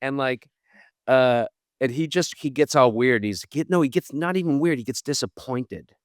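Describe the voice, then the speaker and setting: A middle-aged man from Boston, an actor telling self-deprecating stories as a podcast guest, with halting restarts. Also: medium pitch, expressive, no room sound, clean studio sound. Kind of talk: casual storytelling interview.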